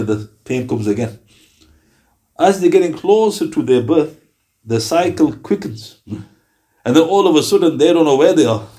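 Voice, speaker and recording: A man teaches a religious class, breaking into little acted scenes and laughing at his own stories. His voice sits a little high but sounds dark and mellow. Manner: lively storytelling with acted quotes and laughs. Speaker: Islamic teacher. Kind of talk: religious lesson.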